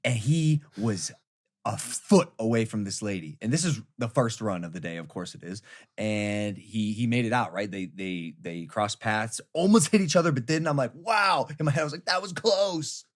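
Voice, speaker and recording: A man hosting a podcast in casual chat, excitable and swearing as he tells a story. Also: fairly low pitch, moderate pace. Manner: excitable, swears, laughs into stories. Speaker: podcast host.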